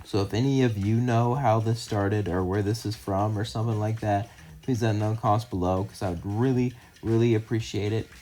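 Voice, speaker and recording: A man's voice: lowish voice, fairly even intonation, brisk, mellow. A young man, the host of his channel, telling a fan-made story in a loose, run-on way, stringing events together with "as" and "would say". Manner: loose run-on narration, many "as" and "would say" links; chatty and rambling in the outro, many fillers. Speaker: channel narrator. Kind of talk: casual fan-fiction storytelling.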